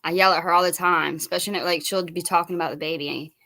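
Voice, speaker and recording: A woman's voice: lowish voice, fairly even intonation, fast talker, bright, forceful tone. A woman commentating casually on someone else's stream in a chatty, exasperated way.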